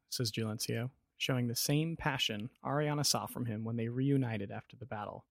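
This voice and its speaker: Gravelly man reading a story aloud. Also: medium pitch, brisk, few pauses, dry recording, clean studio sound. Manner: steady, descriptive narration. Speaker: narrator.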